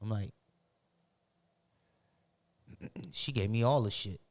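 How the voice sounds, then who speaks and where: A man's voice: fairly low pitch, moderate pace. Profane man telling stories. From Roxbury, Boston. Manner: profane, animated storyteller. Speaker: podcast guest. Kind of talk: casual storytelling.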